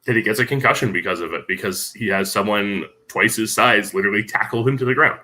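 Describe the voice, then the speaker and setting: Man, podcast guest, low voice, very bright sharp tone, measured, knowledgeable. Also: poor audio. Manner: knowledgeable, measured, many ums. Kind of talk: casual podcast chat.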